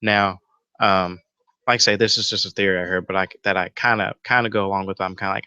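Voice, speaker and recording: A man's voice: deep voice, fairly even intonation, a little fast, pushed and bright, clear, resonant tone, dry recording, muffled recording. A man hosting a casual fan theory show from home, rambling with lots of fillers and the odd swear. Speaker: YouTube show host. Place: home room with a roommate nearby.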